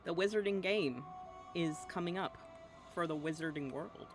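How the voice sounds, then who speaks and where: A woman's voice: lowish voice, moderate pace, music in the background. A woman streaming a video game in casual, rambling chatter, often giggly and jumping between topics, sometimes mumbling to herself while she eats. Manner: talks while eating, mumbling "yum" and "nom" to herself.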